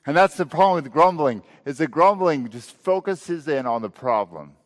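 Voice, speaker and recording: A male pastor preaching a sermon, asking rhetorical questions and letting his voice swell and then drop low. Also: animated, normal speed, in a large hall.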